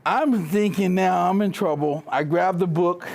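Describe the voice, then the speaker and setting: A man giving a motivational talk to a live audience, telling stories from his coaching days in an animated way and laughing along with them. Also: sits high, a little slow, creaky. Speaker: keynote speaker, former track coach. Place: live event before an audience.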